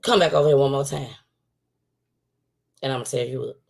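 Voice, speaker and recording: A woman's voice: extremely low pitch, steady tone, fairly quick, creaky, darkish tone, voice pushed down. A woman voicing a stern grandmother who warns a small child to stay away from her drink. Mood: stern warning. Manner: threatening, warning sternly.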